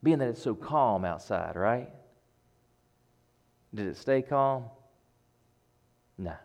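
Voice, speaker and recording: A man preaching a sermon, swinging between loud bursts and hushed passages, building rhythmic lists and asking his listeners questions. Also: medium pitch, lively intonation, slow, pauses often. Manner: addresses listeners directly with questions.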